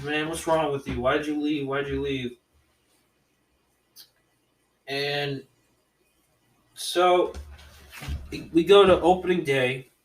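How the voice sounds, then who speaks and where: A man's voice: medium pitch, fairly bright tone, distant mic. Rambling man recapping a movie, echoey. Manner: rambling, lots of restarts and "man". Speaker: podcast co-host reviewing movies.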